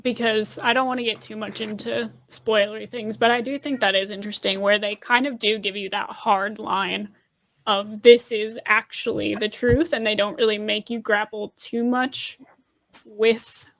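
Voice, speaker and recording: A woman's voice: mid-range voice, fairly even intonation, moderate pace, fairly bright tone. A woman in a casual panel discussion, earnest and agreeable, weighing her views carefully.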